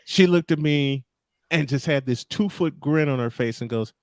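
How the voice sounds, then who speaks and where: A man's voice: mid-range voice, normal speed, clear, resonant tone, dry recording. A man hosting a casual talk show, telling stories with frequent laughs and restarts. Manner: laughing, storytelling, repeats himself. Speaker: show host. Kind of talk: casual podcast chat.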